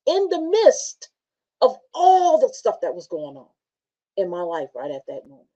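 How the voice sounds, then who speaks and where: Warm low-voiced woman telling motivational stories. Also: muffled recording. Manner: casual, animated storytelling with frequent laughs. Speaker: motivational show host. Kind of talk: motivational talk with personal stories.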